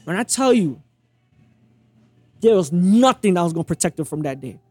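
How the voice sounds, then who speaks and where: A man's voice: sits high, big pitch swings, normal speed, darkish tone, slightly rough, no echo. A young man telling a personal story in blunt, profane casual talk, acting out the dialogue as he goes.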